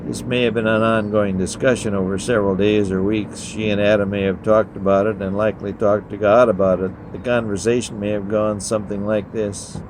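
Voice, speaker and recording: A man reading a retelling of a story aloud in a reflective, measured way. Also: on the low side, level tone, a little mellow, slight background noise, rough recording.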